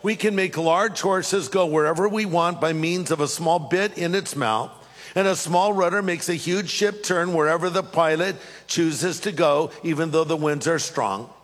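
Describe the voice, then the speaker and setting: A man with a high voice delivers a sermon in a reverberant hall. He tells an animated personal story, then slows down to read scripture aloud. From California. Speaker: pastor.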